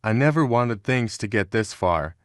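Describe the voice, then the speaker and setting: A man voicing a shaken young adult son in a read-aloud story, in an even, measured delivery. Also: lowish voice, no echo, studio quality, natural voice. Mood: upset.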